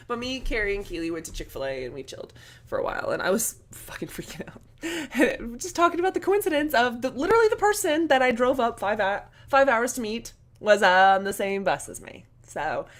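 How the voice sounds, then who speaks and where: A young adult woman vlogger telling a story to camera, excited and gushing, with lots of "like" and casual swearing. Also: mid-range voice.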